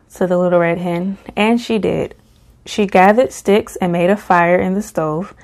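A woman reading a children's picture book aloud at a slow, gentle pace. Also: lowish voice, steady tone. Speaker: storybook reader.

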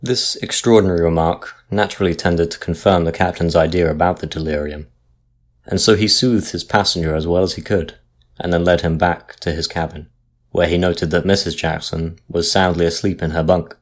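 A man reading a sea story aloud as narrator, in a measured, steady manner. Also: deep voice.

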